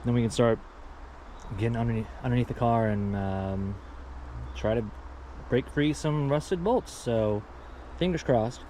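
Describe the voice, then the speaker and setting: A man's voice: medium pitch, measured pace, mellow, a little hiss or hum. A man casually narrating a vlog while hiking through an outdoor junkyard, out of breath, chatty and rambling as he goes. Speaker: vlogger.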